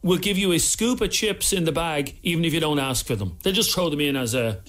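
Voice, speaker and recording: A man's voice: on the high side, brisk, soft background music. Chatty Irish man on radio. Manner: chatty, animated storyteller. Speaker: radio co-host. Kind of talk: casual radio chat. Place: radio studio.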